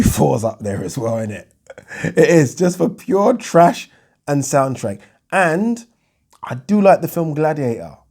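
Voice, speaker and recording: Chatty man with a dark voice. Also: medium pitch. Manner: chatty, loose, self-interrupting, swears. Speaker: boxing YouTuber answering viewer questions. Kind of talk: casual Q&A vlog.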